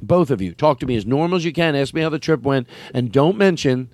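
A man with a Philadelphia accent hosts a comedy podcast, rambling playfully and cutting himself off mid-thought. His voice sits at a medium pitch. The sound is dry and close, with no room echo. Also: animated, quick pace, darkish tone. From Philadelphia, United States. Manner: rambling, playful, self-interrupting. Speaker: podcast host. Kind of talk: casual comedy podcast banter.

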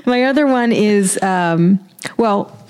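A woman co-hosting a casual podcast chat, relaxed and offhand, with lots of likes. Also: medium pitch, takes it slowly, clear, resonant tone. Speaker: podcast co-host.

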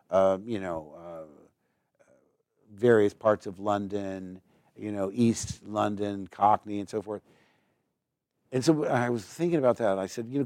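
An American man, a voice actor being interviewed, telling stories casually in a rambling, quick way full of restarts. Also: mid-range voice, darkish tone, no echo.

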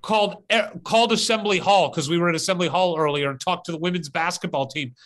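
A podcast host tells a casual story outdoors as the rain begins, animatedly acting out his own part. His voice sits high, quick and fairly bright.

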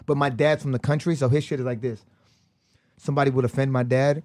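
A man's voice: medium pitch, fairly even intonation, fast talker, darkish tone, no echo. A man guest on a podcast, telling stories casually, laughing often and acting out the voices of people he quotes. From United States. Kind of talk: casual storytelling.

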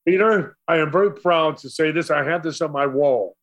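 Older Brooklyn man with a New York accent, slightly high voice, theatrical storyteller. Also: moderate pace, fairly bright tone. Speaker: radio DJ guest. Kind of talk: storytelling interview.

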